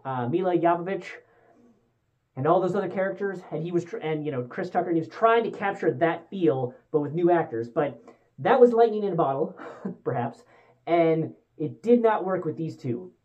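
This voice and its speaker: A woman's voice: on the low side, dark tone, highs cut off. A young woman giving a casual movie review, rambling and candid with many fillers and restarts. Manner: rambling and candid, with frequent fillers and self-corrections.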